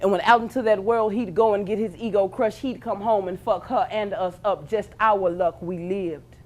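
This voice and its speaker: Woman, thirties, Memphis Southern accent; spoken-word poet, intense delivery, hushed lows and shouted highs. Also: fairly even intonation, moderate pace. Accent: Memphis Southern American. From Memphis, Tennessee. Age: 30s. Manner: intense, swinging from hushed low lines to shouted peaks. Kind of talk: spoken-word poetry performance.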